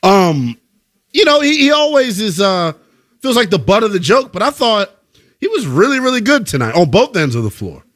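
A man co-hosting a sports talk show, debating in an emphatic, slangy, animated way. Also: high voice, normal speed.

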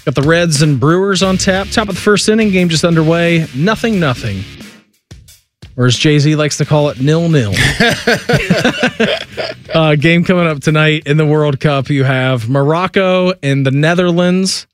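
A man's voice: on the high side, moderate pace, faint music behind. A man hosting a sports radio show, chatting casually and laughing through his stories.

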